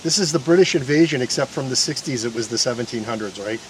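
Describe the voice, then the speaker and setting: A man's voice: mid-range voice, fast talker. Chatty guy ghost hunting out in a field, rambles to his viewers, camera mic, faint background noise. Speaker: paranormal investigator host. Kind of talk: casual on-camera commentary. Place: outdoors in a historic park field.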